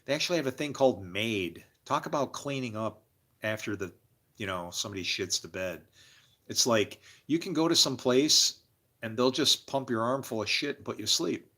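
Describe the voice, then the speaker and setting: A man's voice: mid-range voice, lively intonation, moderate pace, pushed and bright. A man hosting a livestream, rambling in a profane, confessional way about faith and his struggles, and talking to viewers in chat. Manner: talks to chat viewers by name; religious musing. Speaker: livestream host. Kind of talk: casual livestream monologue.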